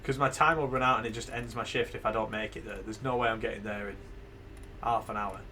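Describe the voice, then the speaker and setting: A man's voice: lowish voice, fairly even intonation, fast talker, pushed and bright, slight background noise. A man casually live-streaming a game, thinking aloud, swearing freely and laughing. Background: game music.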